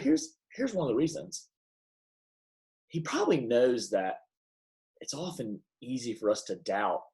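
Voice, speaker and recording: A man's voice: fairly high pitch, darkish tone, low-quality recording. A young man giving a devotional sermon in a casual, emphatic way, with many restarts. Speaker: preacher.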